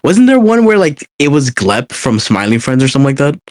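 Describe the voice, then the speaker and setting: An excitable young man swaps stories on a casual podcast. His pitch leaps up and down as he gets worked up. He swears casually and talks with energy. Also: brisk, no room sound, clean studio sound. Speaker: podcast co-host. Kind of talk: casual chat.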